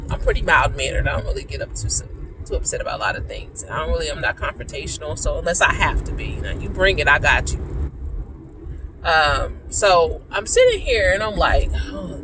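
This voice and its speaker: A woman's voice: low-pitched, far from the mic, heavy background noise. A woman giving a casual, earnest personal faith testimony, talking freely with lots of fillers and repeats. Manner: earnest, talkative, repeats herself, fillers like "like" and "you know".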